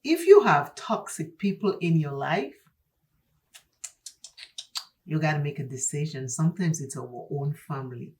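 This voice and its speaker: A woman with an accent, talking while doing her makeup in a chatty get-ready-with-me vlog, emphatic and preachy, repeating herself for stress. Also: sits low. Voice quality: speaks with an accent. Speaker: beauty vlogger.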